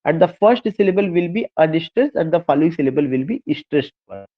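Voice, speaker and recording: Indian teacher, higher voice, lo-fi sound. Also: male voice, lively intonation, brisk. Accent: Indian English. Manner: repeats points and asks rhetorical questions; switches between English and Hindi. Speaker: literature teacher. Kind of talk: online class lecture.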